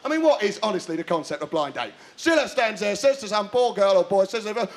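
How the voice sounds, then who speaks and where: A man's voice: sits high, animated, quick pace, heavy background noise. A young man in his twenties doing a stand-up comedy routine in a sardonic, ranting, mocking way.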